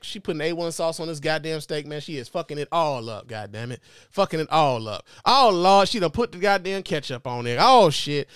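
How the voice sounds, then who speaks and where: A man in his forties hosting a show, giving animated, joking commentary full of profanity. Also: fairly high pitch, brisk, few pauses, clean tone, no room sound, clean studio sound. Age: 40s. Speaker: host. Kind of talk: casual commentary.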